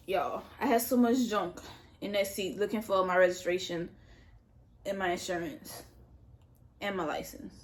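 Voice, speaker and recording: A young adult woman vlogger telling a story in casual chat, animated, repeating herself and swearing as she goes. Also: on the high side. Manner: animated, repetitive retelling with swearing. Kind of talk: casual storytime while eating.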